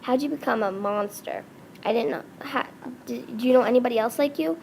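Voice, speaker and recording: A woman's voice: on the high side, brisk, creaky, a little mellow, a little hiss or hum. A woman reading the lines of an eager young girl who is a candy witch, in a plain speaking voice.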